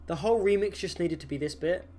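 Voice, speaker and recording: A man's voice: high voice, fast, dark tone, faint music behind. Joking young male streamer, laughing often. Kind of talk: casual livestream chat.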